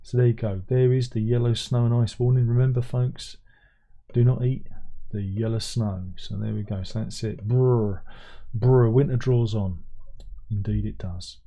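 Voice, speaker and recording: Older British man, livestream host, casual rambling chat, dark and slightly husky tone. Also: lowish voice, fairly even intonation, moderate pace. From Britain. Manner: rambling, chatty, self-mocking asides.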